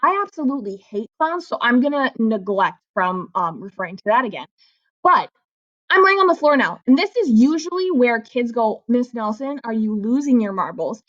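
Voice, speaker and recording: Female teacher, high voice, playful, keeps checking "okay?", echoey basement. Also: sing-song, moderate pace, a bit bright, distant mic, lo-fi sound. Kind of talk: recorded economics lesson. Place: basement floor at home.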